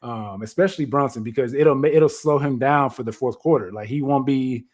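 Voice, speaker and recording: A man of middle pitch co-hosts a casual sports podcast. He talks through game strategy in long, analytical stretches and presses his point. His voice stays ordinary and plain. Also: a little fast, a little mellow. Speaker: podcast co-host.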